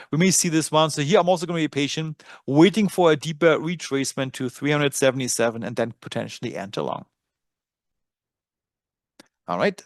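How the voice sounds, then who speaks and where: On the high side and a bit creaky, a German-accented man's voice comes through clean studio sound with no room sound. He's leading a live trading webinar by screen share, speaking casually, reasoning aloud, and using fillers often.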